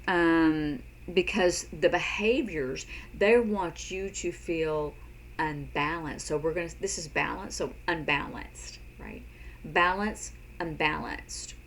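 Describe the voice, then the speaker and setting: A woman teaching a sign language lesson in a casual spoken style, unhurried and repeating words as she demonstrates signs. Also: lowish voice, slight background noise, low-quality recording.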